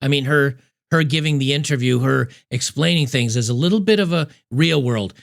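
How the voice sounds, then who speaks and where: A man's voice: medium pitch, expressive, a little fast, vocal fry. A man hosting a reaction commentary on a video clip, speaking with emphatic, mocking scorn. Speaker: commentary host.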